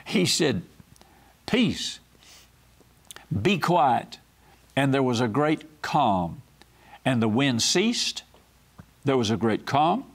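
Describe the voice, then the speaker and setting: A man's voice: mid-range voice, very animated, slow. A man preaching a televised sermon, telling folksy stories and acting out quoted voices. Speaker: pastor and TV host.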